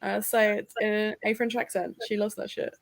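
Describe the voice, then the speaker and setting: A woman's voice: mid-range voice, little pitch movement, moderate pace, gravelly, no room sound. A woman, a writer, telling stories animatedly in casual chat and swearing freely. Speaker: writer, readathon co-host.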